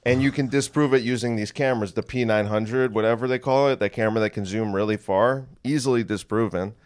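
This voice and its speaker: Deadpan comedian man. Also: mid-range voice, brisk, clear, resonant tone. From New Jersey. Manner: deadpan, mock-serious conspiracy talk. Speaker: comedian guest. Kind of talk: casual comedic podcast banter.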